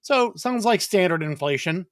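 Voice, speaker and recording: A man speaking as a guest, explaining in a measured way with some hesitant fillers. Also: sits high, expressive, dry recording, clean studio sound. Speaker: loan officer guest. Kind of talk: casual explanatory answers.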